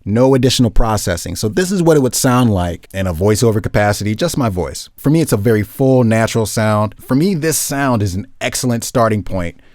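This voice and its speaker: A man's voice: on the low side, lively intonation, fairly quick, hardly any pauses, darkish tone. Upbeat man reviewing a studio mic. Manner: upbeat, conversational, repeats phrases for emphasis. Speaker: microphone reviewer. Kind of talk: casual product review. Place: desk recording setup. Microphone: studio condenser microphone, close up.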